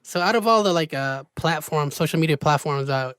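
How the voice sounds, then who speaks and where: A man's voice: on the high side, animated, a little fast, a bit bright, clean tone, no echo, clean studio sound. A man hosting a casual podcast interview, talking in a laid-back, slangy way with many fillers. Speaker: podcast host.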